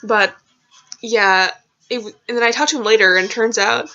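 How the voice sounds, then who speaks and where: A woman's voice: on the high side, normal speed, bright, forceful tone. A young woman vlogger rambling through embarrassing personal stories, full of fillers and casual swearing. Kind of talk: casual storytelling. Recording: lo-fi dull sound.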